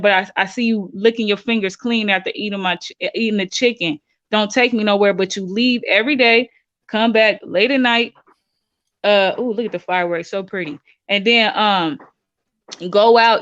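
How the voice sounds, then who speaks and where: A woman calling in to share a personal testimony, telling her story in a rambling, animated way. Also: medium pitch, muffled recording. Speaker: caller. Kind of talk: call-in testimony.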